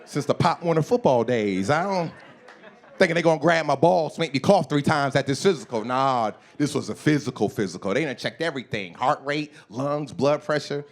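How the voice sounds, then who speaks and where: A man in his forties performing a stand-up comedy set. He is profane and animated, acts out voices and shouts his punchlines. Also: on the high side, normal speed. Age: 40s. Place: comedy club stage.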